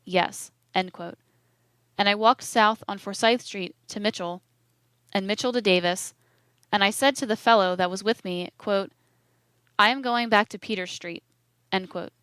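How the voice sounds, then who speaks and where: Smooth-voiced woman reading an audiobook. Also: mid-range voice, dry recording. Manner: even, measured reading that speaks "quote" and "end quote" aloud. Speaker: audiobook narrator. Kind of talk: audiobook reading of court testimony.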